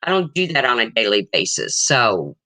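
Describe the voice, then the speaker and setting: Older woman, livestream host, low voice often taken for a man's, bright and sharp tone, lively pitch, blunt and rambling. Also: normal speed, no room sound. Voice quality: low, husky-sounding voice, often mistaken for a man's. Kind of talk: casual livestream chat.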